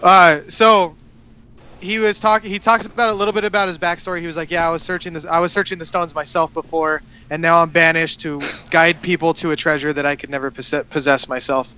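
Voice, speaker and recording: A man with a high, bright and crisp voice talks in a loose, casual way. He recaps a story in long rambling runs, full of swearing and fillers. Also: level tone, fairly quick. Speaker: podcast co-host. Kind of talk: casual chat.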